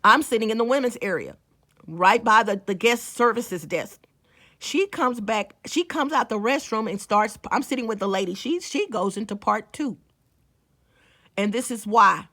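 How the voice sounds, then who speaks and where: A chatty woman tells her viewers a story in a casual vlog. Her voice sits a little high and sounds very bright. She restarts her sentences and keeps speaking straight to her audience. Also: lively intonation, normal speed. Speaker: small-business owner and vlogger.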